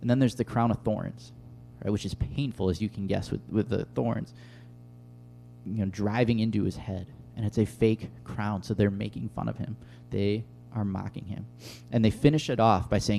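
A man's voice: fairly low pitch, fairly even intonation, a little fast, gravelly, dark tone, a little hiss or hum. A man preaching a sermon as a youth pastor, earnest and conversational, with filler words. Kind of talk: sermon with personal story.

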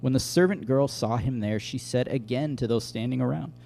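Man, pastor, conversational sermon, mellow warm voice, faint music behind. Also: mid-range voice, brisk, gravelly. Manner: conversational, explains scripture and tells everyday stories.

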